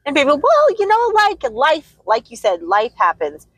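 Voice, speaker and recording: A woman's voice: sits high, huge pitch swings, normal speed, fairly bright tone, no room sound. A woman from the United States co-hosting a podcast in casual chat, blunt and emphatic and swearing freely. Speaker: podcast co-host.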